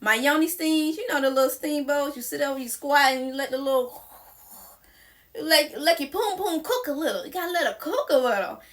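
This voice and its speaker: A high-pitched, bright-voiced young woman talks straight to her viewers like a close friend. She is sassy and playful, with a casual vlog delivery. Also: lively intonation, a little fast. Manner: sassy, playful, addresses viewer as girl and sis. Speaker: wellness vlogger. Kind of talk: casual chatty advice vlog.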